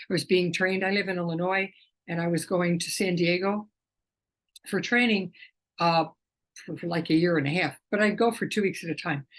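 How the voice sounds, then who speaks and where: A middle-aged woman, an animal communicator, telling a rambling, emotional personal story in a gentle way. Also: lowish voice, low-quality recording. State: tearful at times.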